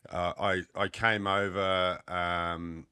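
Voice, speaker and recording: A man's voice: low voice, little pitch movement, slow, bright, forceful tone, clean tone. A middle-aged Australian man with an Australian accent, telling his story as a podcast guest with dry humour. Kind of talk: casual chat.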